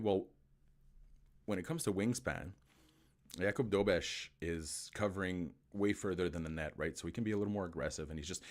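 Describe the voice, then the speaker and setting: A man with a low, deep voice hosts a live post-game hockey show. He talks casually to his viewers, often stumbling and repeating words as he gathers his thoughts. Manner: chatty, repeats words while thinking. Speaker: host.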